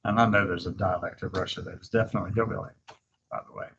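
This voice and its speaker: A man hosting a casual video, laughing often and slowly dictating his words as he types. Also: deep voice, steady tone, gravelly, dull audio, noisy background. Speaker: video host. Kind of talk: casual chat while typing.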